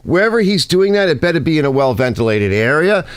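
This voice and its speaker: A man's voice: a little high, big pitch swings, fast, smooth, no echo. A man hosting a garage channel, explaining cleaning chemicals and tools in blunt, casual shop talk with some swearing. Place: home garage workbench. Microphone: close mic he sometimes bumps.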